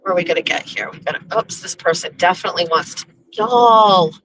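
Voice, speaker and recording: A woman's voice: on the low side, a little fast, a bit bright, a little hiss or hum, low-quality recording. A woman hosting a casual livestream from her car while driving, chatting in a rambling way with restarts and laughs. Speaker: livestream host. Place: in a car on the road.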